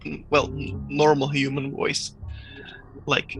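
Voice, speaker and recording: Gravelly, bright-voiced male player. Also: a little high, fairly even intonation, faint music behind. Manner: halting, non-native phrasing. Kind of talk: casual tabletop play.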